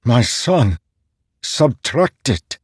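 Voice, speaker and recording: A man's voice: mid-range voice, sing-song, extremely slow, breathy edge, dry recording, clean studio sound, voice pushed up, exaggerated voice. A man voicing a grieving peasant father in an audiobook; the father's voice is thick with emotion and breaks as he pleads.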